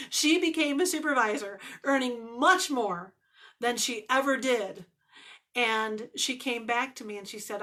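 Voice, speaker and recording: A woman's voice: a little high, bright, forceful tone. A woman life coach talking straight to the camera in an earnest, emphatic way, repeating phrases for emphasis. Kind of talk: direct-to-camera vlog talk.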